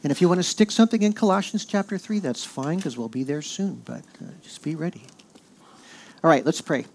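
Gravelly-voiced pastor preaching conversationally. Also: male voice, fairly high pitch, a little fast, a little hiss or hum. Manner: conversational, with fillers and animated quoting. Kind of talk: sermon.

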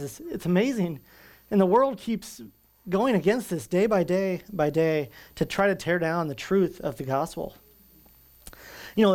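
A man's voice: sits high, darkish tone. Man preaching an earnest, emphatic sermon. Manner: earnest, emphatic preaching with slow dramatic pauses. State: moved to tears at times. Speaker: pastor.

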